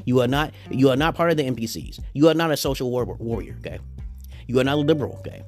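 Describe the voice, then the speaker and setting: A man's voice: mid-range voice, fast talker, soft background music. A man in a rambling monologue to viewers, crude and boastful, tagging nearly every line with a questioning "okay?".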